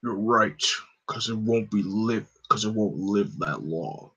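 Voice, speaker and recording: A man voicing a huge, gruff, blunt male brute in a deep monotone, on a slightly dull recording. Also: slow pace, exaggerated voice.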